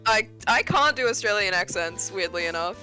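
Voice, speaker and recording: A woman chatting casually with a friend while streaming a game, wry and quick to laugh. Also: medium pitch, lively intonation, bright, forceful tone, soft background music. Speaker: co-op stream guest.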